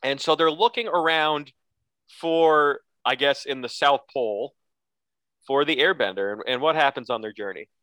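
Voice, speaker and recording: A man's voice: a little high, normal speed, fairly bright tone, no room sound. A man co-hosting a casual podcast, recapping a cartoon episode and breaking into silly character voices. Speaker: podcast co-host.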